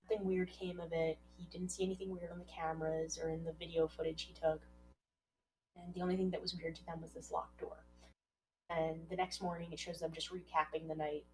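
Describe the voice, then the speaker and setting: A woman co-hosts a podcast and walks through a horror series scene by scene. She speaks in a somewhat low voice and lifts into animated quotes of the characters. A faint hum sits in the background. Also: a little fast, rough recording. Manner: animated, acts out quoted lines. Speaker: podcast co-host. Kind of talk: casual recap discussion.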